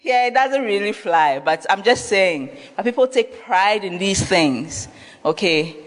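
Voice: medium pitch, animated, unhurried. A pastor delivering an emphatic sermon, repeating phrases and firing rhetorical questions at the congregation. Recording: long reverb of a large hall.

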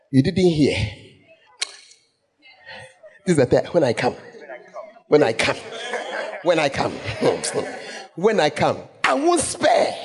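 A man preaching a lively sermon, laughing often and acting out the scripture passages he quotes. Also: on the high side, breathy edge. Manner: animated, laughing, acts out quotes. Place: church hall. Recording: echoey church hall.

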